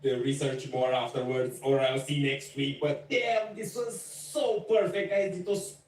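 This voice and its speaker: A man's voice: mid-range voice, steady tone, unhurried, darkish tone. A male streamer reacting live to an anime, gushing, swearing and laughing a lot. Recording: echoey room, mic far off, music behind.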